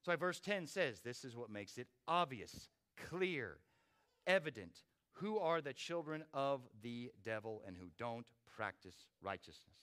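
A man's voice: medium pitch, very animated, measured pace, fairly bright tone. A man preaching a sermon with dramatic rises and drops in volume. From not from Australia. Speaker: pastor.

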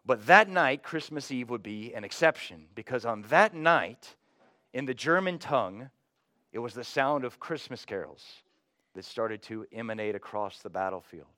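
Man, pastor, Texan accent, sermon, emphatic rises and quiet drops, dry close sound. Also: lively intonation, normal speed, no room sound. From North Texas. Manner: dynamic, rising to emphatic highs then dropping low.

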